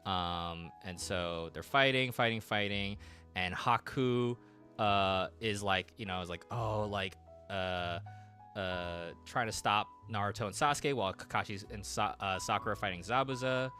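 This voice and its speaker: A man casually recapping a story while drawing on stream, rambling with many fillers and quick quoted voices. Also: on the low side, sharp tone. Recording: faint music behind.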